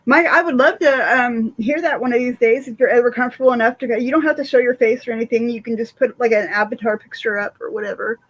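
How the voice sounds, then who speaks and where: A woman's voice: on the high side, fairly even intonation, fast talker, hardly any pauses, highs cut off. A woman hosting a casual livestream, swearing freely and rambling with many fillers while answering viewer chat. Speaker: livestream host.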